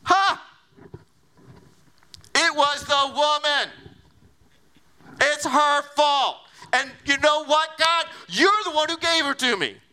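A man's voice: very high-pitched, slow pace, long pauses, pushed and bright, voice pushed up, exaggerated voice. A preacher doing a whiny, blame-shifting man. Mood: petulant. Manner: whiny and petulant. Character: defensive grown man blaming others, whiny.

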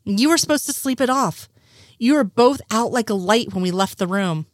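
A woman reading the lines of a nervous, innocent man, a little higher than her narration. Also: lively intonation, moderate pace, no room sound, clean studio sound, natural voice. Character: nervous, well-meaning male conspiracy nerd.

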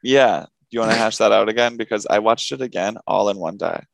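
A man's voice: lowish voice, brisk, vocal fry, no room sound. A young man co-hosting a podcast, rambling casually with plenty of swearing and laughter. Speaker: podcast co-host. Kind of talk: casual chat.

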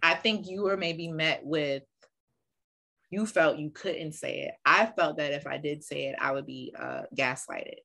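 A woman's voice: low-pitched, unhurried, vocal fry. A woman in her thirties, a preschool teacher and mother, chatting candidly and swearing freely about parenting. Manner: candid, profane, animated storytelling. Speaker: podcast co-host, preschool teacher. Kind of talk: casual chat.

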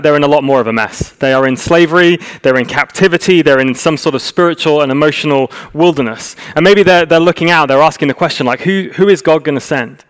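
A man's voice: fairly high pitch, clean tone. A man preaching a sermon, telling the story vividly and acting out the characters' lines.

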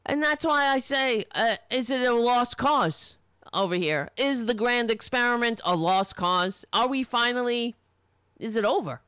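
A woman's voice: a little high, measured pace, fairly bright tone, clear, resonant tone, no echo, studio quality. A woman delivering an angry, sarcastic and profane political rant. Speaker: political commentator.

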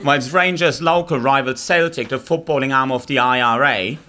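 A man from Germany with a German accent, a comedian guest trading deadpan, blunt, mock-superior jokes. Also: mid-range voice, normal speed, background noise. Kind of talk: deadpan stand-up banter.

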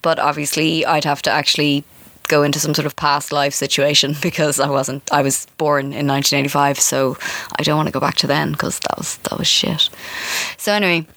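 Chatty low-voiced Irish woman. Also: level tone, a little fast, a bit bright, no room sound. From Ireland. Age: 30s. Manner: chatty and self-mocking, with many fillers and asides. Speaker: podcast host. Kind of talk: casual solo podcast chat.

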